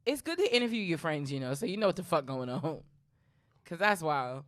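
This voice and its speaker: A woman's voice: sits low, very animated, a little fast, no room sound, studio quality. A woman co-hosting a podcast in casual chat, blunt and profane, laughing often. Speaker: podcast co-host.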